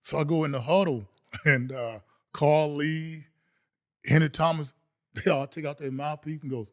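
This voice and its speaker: Brief: middle-aged male guest, a former football player, raised voice, animated storyteller who laughs through his anecdotes. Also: a little high, moderate pace. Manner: animated, laughs often, acts out quoted voices. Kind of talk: casual storytelling.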